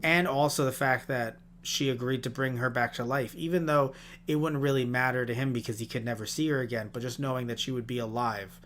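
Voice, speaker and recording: A man hosting a podcast, chatting casually about a show, animated and swearing, sometimes arguing with himself for a laugh. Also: mid-range voice, brisk, a little hiss or hum. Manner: animated, swearing, mock-argues with himself in bits. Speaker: podcast host. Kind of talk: casual review chat.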